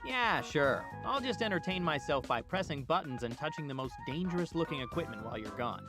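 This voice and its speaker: A wisecracking young henchman, voiced by a man in a story game, sarcastic and bouncy in his intonation. Clear music plays under the line. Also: on the high side, animated, brisk, close to an everyday voice.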